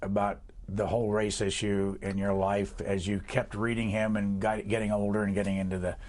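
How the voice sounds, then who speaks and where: A man hosting an interview, asking plain, unhurried questions. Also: on the low side, level tone, a little mellow. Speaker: interview host.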